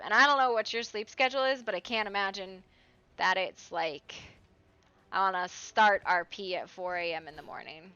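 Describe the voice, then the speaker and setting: A woman's voice: on the high side, normal speed, bright, forceful tone, no room sound. A woman streaming from home in casual, chatty talk, swearing freely and baby-talking to her dogs, heard over a dull lo-fi recording with faint music. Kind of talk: casual chat.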